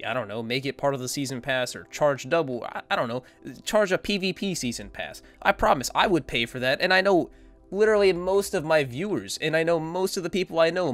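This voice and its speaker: A man's voice: mid-range voice, fairly bright tone. Rambling, opinionated young-sounding man. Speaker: gaming content creator. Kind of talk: casual opinion commentary.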